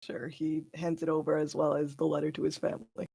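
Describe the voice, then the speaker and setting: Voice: mid-range voice, monotone, brisk, gravelly, warm tone, slightly rough, no room sound. A player describing their character's actions in a tabletop game, laughing often.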